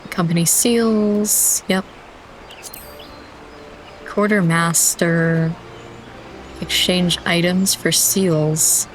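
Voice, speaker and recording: A young woman streams a game and talks through it in casual, chatty asides, cracking up easily. Her voice sits slightly low for a woman. A faint background noise lingers behind her. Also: steady tone, extremely slow, long pauses.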